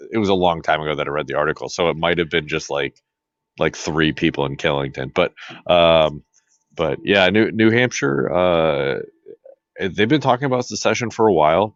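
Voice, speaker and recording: A man's voice: sits low, no room sound, dull audio. A man from Massachusetts co-hosting a podcast, chatting casually about politics and rambling with many fillers and restarts. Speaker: podcast co-host.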